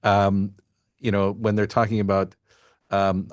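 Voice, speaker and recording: Low-voiced man rambling casually. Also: normal speed, no echo, studio quality. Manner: rambling, full of fillers and asides. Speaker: podcast host. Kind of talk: casual podcast chat.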